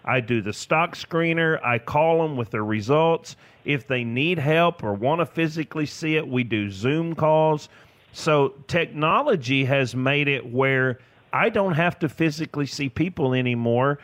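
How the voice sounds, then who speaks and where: Guy on a radio show, kinda high voice, excited, dry studio sound. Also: a little slow, no echo. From Tennessee, US. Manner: enthusiastic, laughs often. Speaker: financial advisor guest. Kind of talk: casual radio chat.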